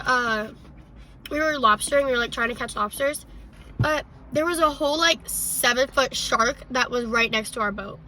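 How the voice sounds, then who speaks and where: Young woman podcast cohost, high sharp voice, chatty, sounds a bit far from the mic. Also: slight background noise. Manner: chatty, filler-heavy. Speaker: podcast co-host. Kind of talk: casual chat.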